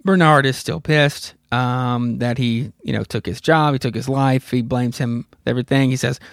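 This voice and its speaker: A man in his thirties hosts a podcast and retells a comic story in loose, rambling talk. He swears now and then and chuckles at his own asides. His voice sits at an ordinary middle pitch and is recorded close and dry. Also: fairly even intonation, normal speed, vocal fry, dry recording. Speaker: podcast host. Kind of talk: casual comic book recap.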